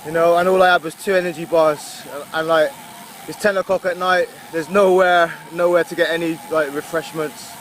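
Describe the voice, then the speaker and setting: A man from England with a Gloucestershire accent talks into a camera on his bike, rambling and chatty with lots of fillers. His voice sits a little high for a man. Loud road and wind noise from outdoors runs under his speech. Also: fairly even intonation, moderate pace. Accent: Gloucestershire English. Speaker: touring cyclist vlogger. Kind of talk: casual video diary. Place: outdoors on a roadside while cycling.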